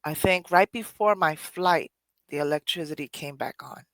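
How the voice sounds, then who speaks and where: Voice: mid-range voice, moderate pace, vocal fry, fairly bright tone, dry recording. Earnest podcast host, dry sound. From Puerto Rico. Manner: earnest, conversational, often restarts phrases, swears casually. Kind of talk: personal reflective monologue.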